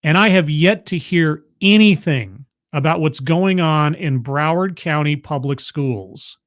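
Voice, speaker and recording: A man with a notably high speaking voice hosts a livestream, talking back at a video he is watching. His commentary is sarcastic and incredulous. He often stumbles and restarts his words. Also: measured pace. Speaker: livestream host reacting to a video. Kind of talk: casual commentary.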